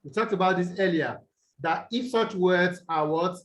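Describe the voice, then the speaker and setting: A man tutoring students over a video call, explaining slowly and quizzing them as he goes. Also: high-pitched. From Nigeria. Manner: slow, deliberate, quizzes students. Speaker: English tutor. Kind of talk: online tutorial lesson.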